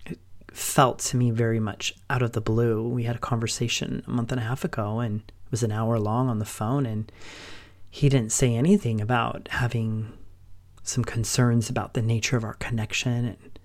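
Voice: medium pitch, level tone, normal speed. A middle-aged podcast host giving a reflective personal monologue, speaking in an open, emotional way and stringing long thoughts together with "and". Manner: open and emotional, long run-on sentences linked with "and".

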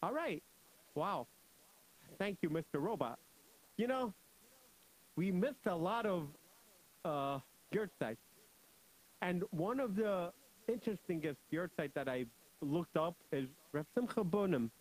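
High-voiced young man hosting kids' radio. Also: a little slow, pauses often, poor audio. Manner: laughs often, jokey and animated. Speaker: children's radio show host. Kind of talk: playful storytelling for kids.

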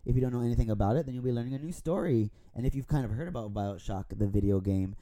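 Man, tipsy podcast host, rambling, swears a lot, very warm dark tone, dry close sound. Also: medium pitch, racing, no echo. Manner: rambling and profane. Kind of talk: casual chat. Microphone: borrowed studio microphone.

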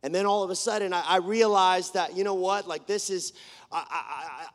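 Man, worship leader, high voice, earnest sermon, fervent then hushed, long hall echo. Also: steady tone, brisk. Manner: earnest, rising to fervent declarations, dropping to hushed storytelling. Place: church.

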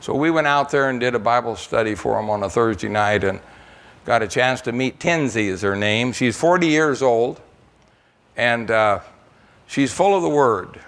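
An older American man, medium-pitched and fairly bright, speaks at a normal speed to a church congregation. He tells missionary stories in a folksy, rambling style, leaning on fillers and repeated words, as church testimony and storytelling.

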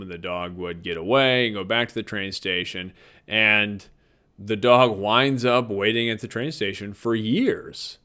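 Middle-aged man, casual storytelling monologue, crisp and smooth-toned. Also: on the low side. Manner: warm, reflective, chuckles often. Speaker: parent telling stories.

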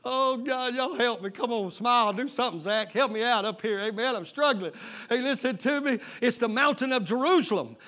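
A man preaching a fiery sermon, his voice pitched very high and ringing bright. He keeps calling out to the congregation for an amen and builds to shouts. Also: brisk. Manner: fervent preaching with call-and-response. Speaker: pastor.

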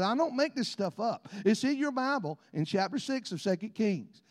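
A middle-aged man preaches in a notably high voice, spinning folksy stories and calling out amens. His words ring with long reverb through a large church. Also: animated, moderate pace, hardly any pauses. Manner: folksy storytelling with frequent amens and laughs. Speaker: pastor. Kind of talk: sermon.

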